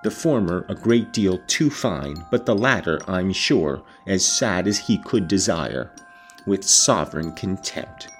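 A man with a lowish voice reads a novel aloud, his pitch rising and falling in a lively way. He keeps stopping to explain lines and react with casual, salty remarks. Faint music sits under his voice. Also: a little slow. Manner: breaks off to explain and react, swears. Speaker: audiobook reader. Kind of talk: reading aloud with casual commentary.

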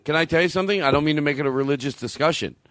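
Male podcast host, slightly high, giggly and halting, dry mic. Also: fairly bright tone, no room sound. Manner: laughs often, stammering restarts. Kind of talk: casual comedic chat.

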